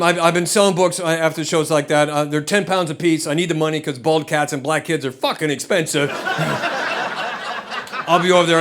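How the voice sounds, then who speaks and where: A man's voice: a little high, a bit bright, slight background noise. A middle-aged man doing a stand-up set in a comedy club, wry, loose and self-deprecating. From United States. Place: comedy club with live audience. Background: audience laughter.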